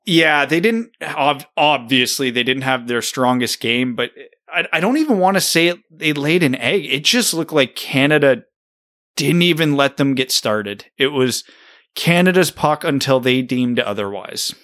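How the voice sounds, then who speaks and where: A man's voice: medium pitch, measured pace. A man co-hosting a hockey podcast, talking casually and animatedly about games and playing days. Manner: animated, storytelling. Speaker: podcast co-host. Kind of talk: casual chat.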